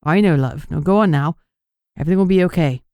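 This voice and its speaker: Lady doing a brisk clipped cop woman, kinda caring, dry close mic. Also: sits low, darkish tone, dry recording.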